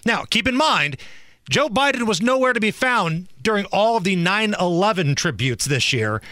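A man's voice: sits high, sing-song, normal speed, pushed and bright, dry recording. A man co-hosting a talk show, giving opinionated political commentary in a sarcastic, mocking manner.

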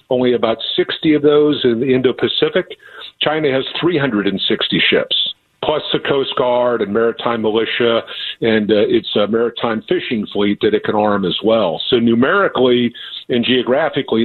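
A man calling in as a guest analyst on foreign policy, talking in a measured way with some fillers. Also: medium pitch. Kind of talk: phone-in commentary. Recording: phone line, husky.

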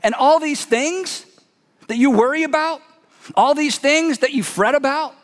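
A man's voice: very high voice, unhurried, pitched above the performer's own voice. A man preacher voicing Jesus as an earnest, patient teacher in a sermon. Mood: emphatic. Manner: earnest, explaining, emphatic. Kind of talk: sermon storytelling. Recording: long hall reverb.

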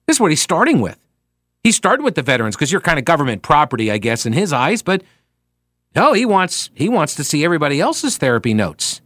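A man hosts talk radio in a sarcastic, opinionated way. His voice sits a little high and swings widely in pitch. The studio sound is close and dry. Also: a little fast, no echo. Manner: animated, sarcastic, mocking asides. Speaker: radio talk show host. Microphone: studio mic.

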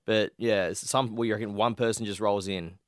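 A man's voice: fairly low pitch, steady tone, fairly quick, no echo, studio quality. A man, nasal from a cold, bantering and asking questions as podcast host. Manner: jokey, banters, asks questions. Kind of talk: casual chat.

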